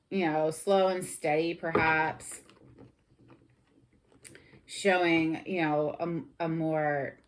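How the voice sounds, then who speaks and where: A woman's voice: lowish voice, a little hiss or hum. A woman giving a casual tarot reading in a blunt, sassy way, swearing and getting fired up. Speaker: tarot reader.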